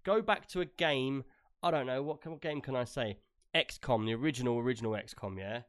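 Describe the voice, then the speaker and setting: A man's voice: mid-range voice, fairly quick. A man hosting a gaming podcast, chatty and rambling, often laughing. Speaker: podcast host. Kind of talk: casual gaming podcast chat.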